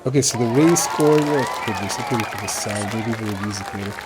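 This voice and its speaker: A man's voice: fairly low pitch, fast talker, loud music behind the voice, a loud crowd. A man narrating a tabletop game as game master, describing scenes with frequent fillers.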